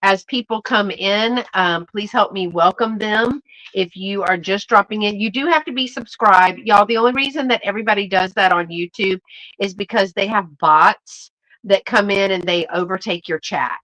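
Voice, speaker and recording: A woman's voice: medium pitch, normal speed, bright, forceful tone, low-quality recording. A woman, chatting casually and bubbly with viewers as the host of a live reseller stream. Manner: chatty and bubbly, many fillers and restarts, addresses viewers as y'all. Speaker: YouTube vintage reseller hosting a live stream.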